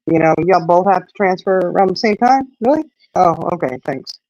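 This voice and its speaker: A woman's voice: lowish voice, lively intonation, normal speed, darkish tone. Rambling middle-aged woman, dull lo-fi audio. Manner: rambling, many fillers and "you know". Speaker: livestream host. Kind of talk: casual livestream chat answering viewers. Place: outdoors on an evening walk.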